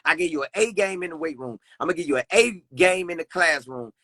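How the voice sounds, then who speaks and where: A young man talks fast and animatedly in a slightly high, sharp voice, with no echo. He's an earnest podcast guest in a casual faith conversation, repeating phrases in preacherly fashion.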